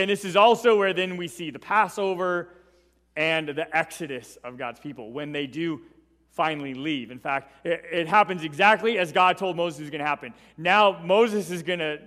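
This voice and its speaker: Conversational preacher in a reverberant hall. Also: male voice, a little high, fairly bright tone. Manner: conversational, tags points with "right?". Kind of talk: sermon, Bible teaching.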